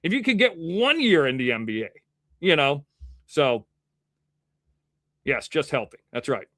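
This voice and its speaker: A man's voice: fairly high pitch, sing-song, a little slow, long pauses, a bit bright, no echo, clean studio sound. A man hosting his own livestream news show, rambling and combative, calling out critics directly, his voice a little muffled by a face mask. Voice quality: slightly muffled from wearing a mask. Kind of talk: casual livestream commentary.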